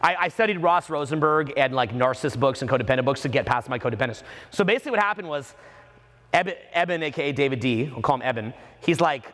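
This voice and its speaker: A man, a dating coach, telling stories to a live seminar audience, profane and animated. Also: mid-range voice, quick pace. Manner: profane, animated, acts out the people in his stories. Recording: long reverb of a seminar hall.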